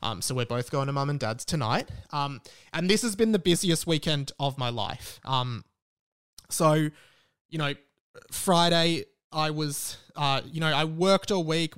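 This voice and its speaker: A man's voice: on the high side, normal speed, fairly bright tone, clear, resonant tone. A man, hosting a solo podcast in a rambling, self-deprecating, chatty way. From Australia. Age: 20s. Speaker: podcast host.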